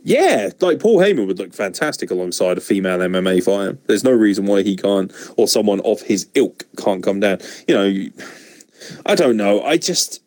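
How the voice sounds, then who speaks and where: A man co-hosting a podcast in casual chat, animated and opinionated, with frequent swearing. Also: fairly low pitch, moderate pace, dry recording. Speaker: podcast co-host.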